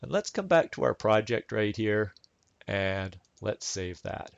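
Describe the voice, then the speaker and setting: Gravelly low-voiced man teaching software. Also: measured pace, dry recording. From Canada. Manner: relaxed, chatty step-by-step explaining with fillers. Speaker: instructor. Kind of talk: screen-recorded software tutorial.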